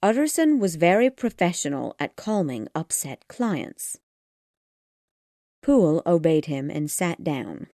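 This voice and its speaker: Low, dark-voiced woman narrating a classic tale. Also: big pitch swings, a little slow, no room sound, studio quality. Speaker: audiobook narrator. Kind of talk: scripted audiobook narration.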